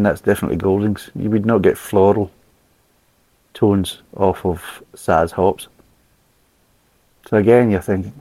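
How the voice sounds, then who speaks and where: A man's voice: low voice, creaky, a little mellow, slightly rough, no room sound, poor audio. A man reviewing a beer in a casual, rambling way, blunt and full of swearing.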